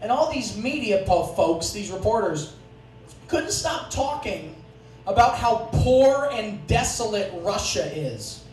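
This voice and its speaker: A man's voice: high-pitched, slow, soft background music. A young man doing a profane, sarcastic stand-up comedy set on a club stage. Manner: profane, sarcastic, deadpan asides. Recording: distant, echoey club recording with audience noise.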